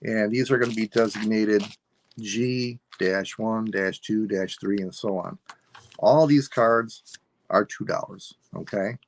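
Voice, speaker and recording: Man, fairly low voice, live-stream sales chat, rambling, thinks out loud. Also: measured pace, slight background noise. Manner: rambling, thinks aloud while describing items. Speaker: online seller.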